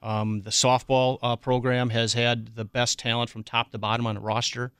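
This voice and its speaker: A middle-aged man, a youth softball coach speaking as a radio guest, hesitant with many ums. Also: mid-range voice, flat delivery, normal speed, clear, resonant tone, no echo. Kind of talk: casual radio interview.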